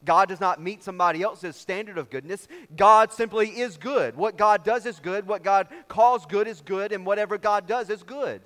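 A man's voice: high voice, moderate pace, few pauses, a bit bright. A man preaching a sermon as pastor, with an emphatic, repetitive cadence. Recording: long reverb of a large hall.

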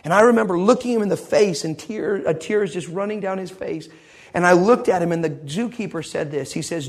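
Husky-voiced, high-pitched man preaching. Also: brisk. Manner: impassioned storytelling. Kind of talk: sermon.

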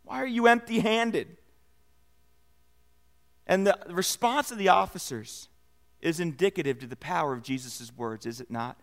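A man with a high voice preaching a sermon. He leans into key phrases, then drops his voice low and quiet to let them land. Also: normal speed. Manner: expressive preaching, swells and drops in volume for emphasis. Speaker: pastor.

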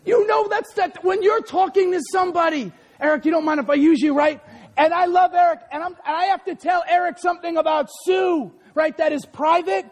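A male pastor preaching an impassioned sermon, swinging from shouts down to whispers. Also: extremely high pitch, steady tone, fairly quick. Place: church.

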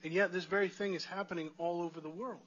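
A man's voice: high-pitched, fairly even intonation, fast, a bit bright, lo-fi sound. A man preaching a sermon in a conversational way, asking the congregation rhetorical questions. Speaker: pastor.

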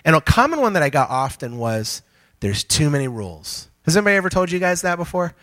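A man's voice: high voice, sing-song, rapid-fire, a bit bright. A man preaching a sermon to a congregation, joking with the listeners and talking in a casual, conversational way. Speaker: pastor.

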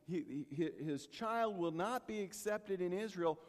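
A male preacher delivers a sermon with animated storytelling, turning often to the congregation with asides and questions. His voice sits a bit high for a man. It rings out in a large hall with a long echo. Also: unhurried.

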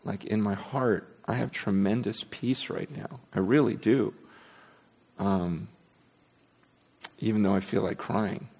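Candid low-voiced pastor in a hall. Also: male voice, slow, creaky, pauses often, darkish tone, husky. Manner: candid, rambling, self-deprecating with frequent restarts. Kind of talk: sermon. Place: church sanctuary.

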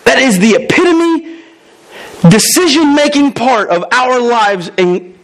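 A man in his thirties preaches with a lot of energy, throwing in quick asides and jokes as he goes. His voice sits high for a man, and he comes from the United States. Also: animated, rough recording. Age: 30s. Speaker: pastor. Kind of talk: sermon.

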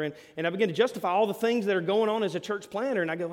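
Brief: male pastor, slightly high voice, self-mocking, live sermon with long hall reverb. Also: very fast, few pauses. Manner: self-deprecating and animated, quoting himself. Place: church sanctuary.

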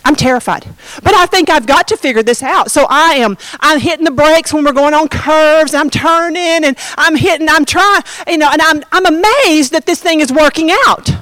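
A middle-aged woman with a high voice preaches a sermon built around a personal story, recorded with no echo. She's animated, slowing down dramatically and dropping to a hush for emphasis.

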